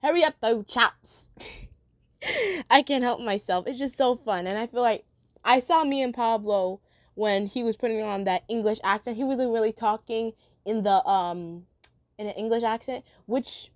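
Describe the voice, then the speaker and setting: A woman talks through a review in a loose, rambling way, full of fillers, restarts and laughter. Her voice sits a little high, and it is recorded dry and close with no room sound. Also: expressive, unhurried, no echo. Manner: enthusiastic, laughs often. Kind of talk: casual spoken review.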